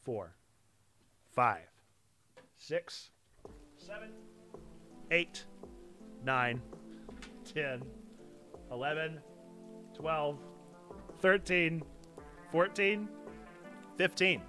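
A pastor giving excitable live-streamed gameplay commentary, now and then bursting into loud cheers. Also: male voice, a little high, very slow, long pauses, faint music behind. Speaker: pastor streaming a video game.

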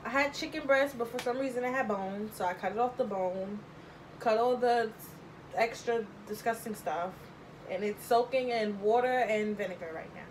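A young woman, a home cook vlogger, gives a casual cooking tutorial in her home kitchen, walking through a recipe in a chatty, rambling way and thinking aloud with lots of ums. Her voice is fairly high. A camera mic picks her up, with faint background hiss, and the recording is rough.

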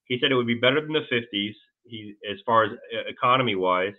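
A man being interviewed as a guest, telling a long story in a rambling, halting way with many restarts. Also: medium pitch. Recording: tinny phone-like line.

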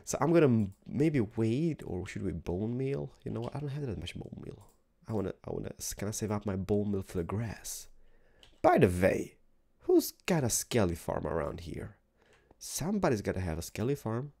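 A man's voice: lowish voice, very animated, moderate pace, creaky, warm tone. A young man giving rambling, casual gameplay commentary in a tired morning voice, repeating words and sometimes dropping to a whisper. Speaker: gaming video host.

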